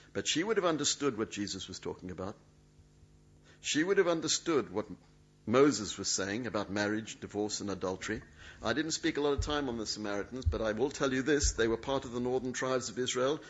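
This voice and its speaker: A man's voice: mid-range voice, slightly rough. A male preacher, preaching a sermon in an emphatic, dramatic way. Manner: emphatic, dramatic, acts out quoted speech. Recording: dull lo-fi sound.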